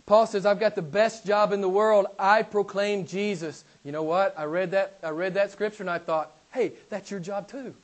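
A high-pitched man delivers a sermon as a pastor, pressing his points home by saying them again and again. He calls his hearers beloved and questions them directly, his level rising to loud emphasis and then dropping to near-hushed asides. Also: fairly even intonation, normal speed, few pauses. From United States. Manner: emphatic, repeats key phrases, swings between loud and soft; addresses listeners as beloved, asks them questions.

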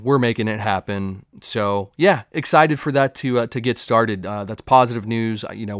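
Profane, excitable man hosting a podcast. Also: medium pitch, no echo, studio quality. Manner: loose, profane and excitable, with jokey asides. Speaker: podcast host. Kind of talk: casual solo podcast chat about comics and film news.

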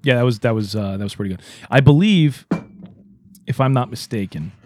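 A man's voice: medium pitch, expressive, brisk, a little mellow, slight background noise. A man co-hosting a casual podcast who jokes and swears freely. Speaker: podcast co-host. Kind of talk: casual chat.

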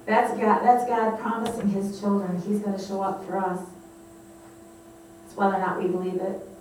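A woman's voice: medium pitch, flat delivery, normal speed, darkish tone, a little hiss or hum. A woman leading a congregation in a fervent declaration and prayer, rousing them to repeat after her. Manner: fervent, rousing, call-and-response. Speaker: prayer leader. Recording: echoey room from far off.

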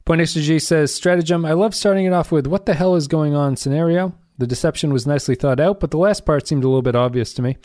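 A man's voice: fairly high pitch, fast talker, hardly any pauses, darkish tone, dry recording, clean studio sound. A man co-hosting a casual podcast discussion, thinking aloud and reading out listener comments. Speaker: podcast co-host.

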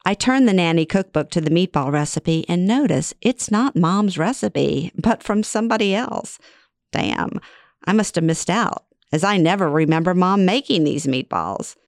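A woman's voice: fairly low pitch, animated, moderate pace, no echo, studio quality. A middle-aged woman reading her own memoir aloud in a wry, conversational way. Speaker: memoir narrator. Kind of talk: first-person storytelling reading.

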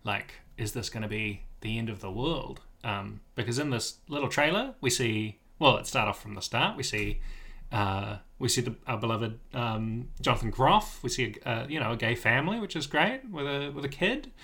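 A man's voice: medium pitch, lively intonation, moderate pace, pushed and bright. A man co-hosting a podcast in casual chat, rambling and enthusiastic, with frequent restarts. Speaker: podcast co-host.

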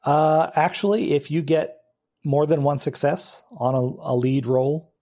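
A man narrating a tabletop game as game master, relaxed and hesitant with many fillers. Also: a little high, a little slow.

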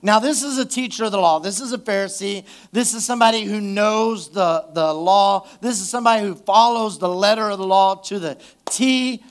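A male pastor with a high voice preaches a live sermon in church. He keeps it conversational and loose, checking in with the congregation and drawing responses from them. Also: moderate pace, few pauses, clear, resonant tone. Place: church service.

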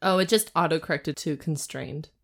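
A woman's voice: sits low, moderate pace, gravelly, fairly bright tone. A woman co-hosting a comedy podcast, cutting in with giggly jokes and mock outrage. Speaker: podcast co-host. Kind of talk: casual comedic chat.

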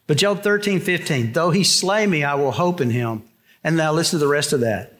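A middle-aged pastor preaching a conversational sermon with wry asides. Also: male voice, fairly high pitch, a little fast, a bit bright.

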